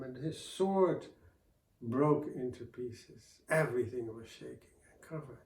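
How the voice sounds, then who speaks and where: A man tells an old folk tale slowly, in a soft-spoken, unhurried voice of middle pitch. He sounds a little distant from the mic, in a room with noticeable echo. A faint ambience sits underneath. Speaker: storyteller. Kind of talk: oral folk tale storytelling.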